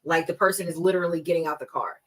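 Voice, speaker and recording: A woman's voice: fairly low pitch, fairly even intonation, rough recording. A woman in her thirties, a guest expert on a podcast, explaining fraud warning signs in an emphatic, conversational way. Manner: emphatic, acts out scam calls in quick bursts.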